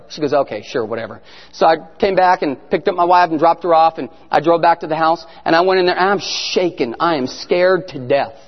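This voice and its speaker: A man giving an animated testimony sermon as a guest speaker, telling his story and sometimes shouting prayers. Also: sits high. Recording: echoey hall, muffled sound.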